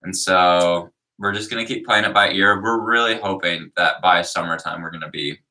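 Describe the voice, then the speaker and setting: Young man, very low voice, bright tone, youth pastor, casual livestream chat, easygoing. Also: normal speed, recorded from a distance. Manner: easygoing, rambling with fillers.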